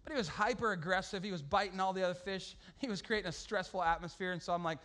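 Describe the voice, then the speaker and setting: A pastor tells a sermon story in a high, bright voice. He is animated and funny, full of casual slang, and bursts into loud shouts at the funny parts. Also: fast talker.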